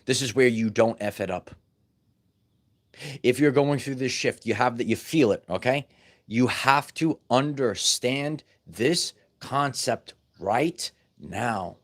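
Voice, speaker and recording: A man speaking straight to his audience about spiritual growth, at a middling pitch. He talks emphatically, stumbling over and repeating words as he presses his points home. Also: measured pace. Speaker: spiritual wellness vlogger. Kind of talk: casual spiritual teaching monologue.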